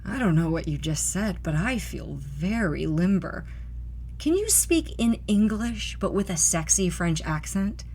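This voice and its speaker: A woman's voice: fairly low pitch, animated, a little slow, darkish tone, a little hiss or hum. A woman voicing a giddy, flirtatious woman who talks playfully and hesitantly. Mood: flirty.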